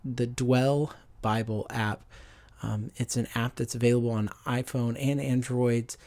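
A man delivers a Bible teaching for a podcast in a measured, earnest way. His voice sits at a middle pitch, and he often pauses on an um. He sounds like a pastor recorded on a podcast microphone. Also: steady tone, a little mellow.

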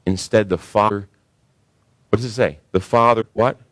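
Male pastor, lowish voice, animated sermon delivery, dry close recording. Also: moderate pace, dry recording. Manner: animated preaching that rises high when voicing others.

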